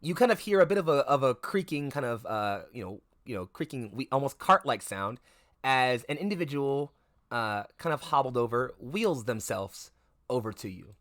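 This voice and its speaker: A man's voice: mid-range voice, animated, moderate pace, a bit bright, no echo, studio quality. A man narrating a tabletop game as game master, rambling with lots of fillers and restarts. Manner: rambling, filler-heavy, self-correcting.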